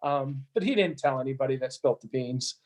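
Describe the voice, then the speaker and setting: A man's voice: medium pitch, a little fast, darkish tone. A man being interviewed, telling a story casually with frequent restarts and repeated words. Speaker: interview guest.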